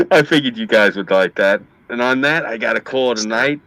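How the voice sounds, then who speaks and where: A man's voice: medium pitch, lively intonation, moderate pace, sharp tone, low-quality recording. A man chatting casually on a live stream, telling stories animatedly and swearing freely. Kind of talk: casual chat and storytelling.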